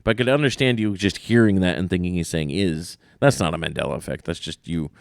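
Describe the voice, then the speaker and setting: Male podcast co-host, low register, dry sound, animated and scoffing in banter. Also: fast, creaky, smooth, no echo. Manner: animated, ranting, dismissive. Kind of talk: casual chat.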